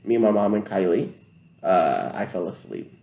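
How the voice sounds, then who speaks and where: A young man chatting on a podcast with strong opinions, delivered in a lively, swooping voice. He sounds like he is in a reverberant, echoey room. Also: normal speed, creaky. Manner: opinionated, animated, sweeping pitch jumps for emphasis. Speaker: podcast co-host. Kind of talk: casual chat.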